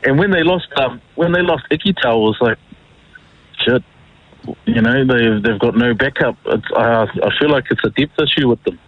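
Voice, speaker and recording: A man's voice: medium pitch, moderate pace, dry recording. A middle-aged man calling in to a radio talk show, chatting in a rambling way with lots of fillers. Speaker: caller. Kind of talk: casual talkback chat about rugby. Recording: tinny phone line.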